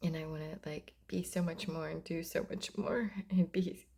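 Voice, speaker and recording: A middle-aged mother talking about faith and self-love in a casual vlog, often dropping into soft whispers. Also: low-pitched, fairly even intonation, moderate pace, vocal fry, breathy edge. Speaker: mother sharing reflections. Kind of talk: casual heartfelt vlog talk.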